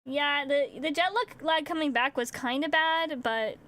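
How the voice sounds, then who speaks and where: A woman's voice: sits high, a little slow, a bit bright. A young woman streamer rambling in casual chat, with lots of fillers and acted-out asides.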